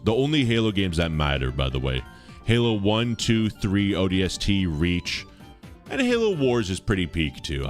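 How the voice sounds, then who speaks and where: Animated young male streamer, low voice. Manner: rambling, enthusiastic, slangy. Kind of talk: casual live-stream chat.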